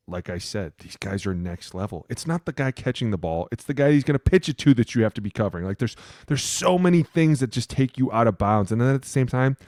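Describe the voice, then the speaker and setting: Lowish, profane, animated male lineman. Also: no echo, clean studio sound. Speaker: podcast co-host, former NFL lineman. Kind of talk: casual sports chat.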